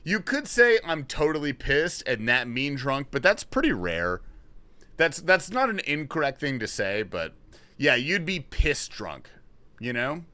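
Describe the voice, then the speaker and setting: A man's voice: medium pitch, very animated, measured pace, bright, forceful tone. A man thinking aloud on a casual livestream while solving a word puzzle, swearing when frustrated.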